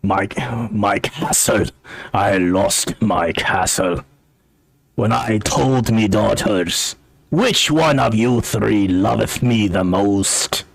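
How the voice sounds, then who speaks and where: A man's voice: lowish voice, takes it slowly, creaky, pitched below the performer's own voice, heavily acted. A man voicing a mad old male dwarf who believes he is a king, speaking in archaic, theatrical lament.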